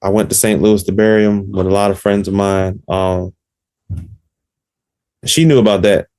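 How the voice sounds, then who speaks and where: A man answering interview questions, hesitant and halting, with many fillers. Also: lowish voice, fairly even intonation, darkish tone, clear, resonant tone.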